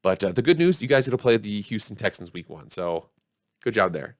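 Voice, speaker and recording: A man's voice: lowish voice, sing-song, brisk, heavy background noise. A man hosting a football show in casual, upbeat commentary, chatty and hyping his viewers. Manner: upbeat and chatty, hypes the audience.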